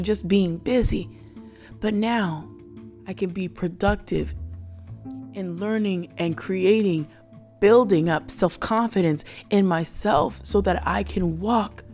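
Earnest low-voiced woman preaching encouragement. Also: a little mellow. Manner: earnest preaching, repeats phrases for emphasis. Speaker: podcast host. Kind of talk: motivational devotional talk.

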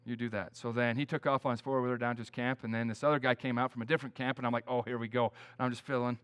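A man's voice: mid-range voice, flat delivery, very fast, a bit bright. A middle-aged man preaching a conversational sermon, plain-spoken and folksy, telling stories with frequent restarts.

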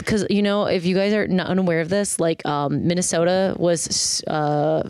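Low-voiced woman telling stories, dry sound. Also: normal speed, clean tone, no echo. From Milwaukee, Wisconsin. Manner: animated storyteller, acts out quoted dialogue. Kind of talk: casual chat.

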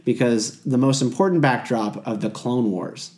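A man hosts a podcast in an easygoing chat, upbeat and brisk, with a mid-range voice. He speaks casually, with the odd "um" as he sets up the topic. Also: mid-range voice, a little mellow. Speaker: podcast host.

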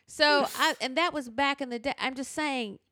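A woman's voice: sits high, normal speed, dry recording, studio quality. A woman co-hosting a podcast, ranting with profanity in casual chat. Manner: animated, profane ranting storyteller. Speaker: podcast co-host.

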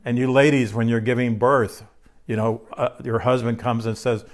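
A man's voice: medium pitch, flat delivery, moderate pace. A man preaching a sermon in a conversational way, asking his listeners questions and repeating key phrases. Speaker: pastor.

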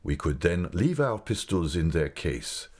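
A man voicing a grave, secretive older male guide who speaks slowly and mournfully. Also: sits low, sing-song, a little mellow, exaggerated voice. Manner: slow, measured, mournful.

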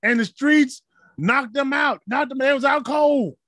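A man preaching a sermon in a passionate, rhythmic style, building to shouted peaks and dropping to soft asides. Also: extremely high pitch, a little slow, dry recording.

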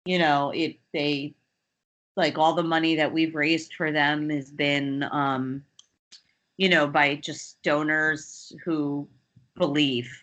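A woman social worker speaking as a podcast guest, her voice low yet bright and forceful. She talks haltingly, circling back and restarting her sentences with frequent fillers. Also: level tone. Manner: halting, many restarts and "you know" fillers. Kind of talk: casual interview chat.

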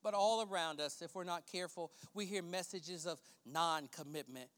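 A man preaching a sermon as pastor, repeating phrases for emphasis and swinging from shouts to hushed near-whispers. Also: on the high side, expressive, fast talker, few pauses. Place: church sanctuary.

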